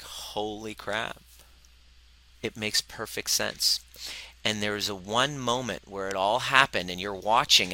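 Sharp-voiced, profane male coach. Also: fairly low pitch, rough recording. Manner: animated and profane, acting out quoted voices; speaks directly to the audience. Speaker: relationship coach. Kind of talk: live workshop teaching.

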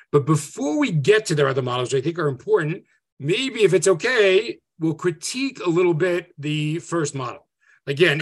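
Bright, high-voiced rabbi teaching over a call. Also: male voice. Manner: lively, conversational, tag questions like "right?". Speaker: rabbi teaching an online class. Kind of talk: interactive Zoom lecture. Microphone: video call.

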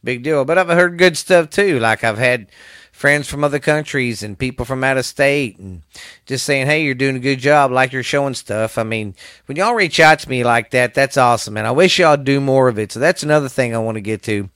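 A man's voice: medium pitch, fairly quick, fairly bright tone, no room sound, clean studio sound. Rambling Southern man hosting a podcast. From American South. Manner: rambling, profane, fired up, drawling. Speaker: podcast host. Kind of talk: casual solo podcast rant.

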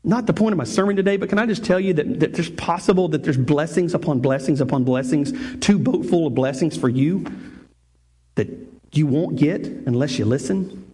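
A man preaching a sermon as pastor, in an animated, conversational and joking manner. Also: on the high side, normal speed, slightly rough.

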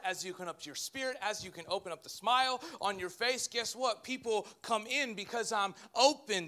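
A man, a pastor, preaching a sermon in an animated way with joking asides to his congregation. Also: high voice.

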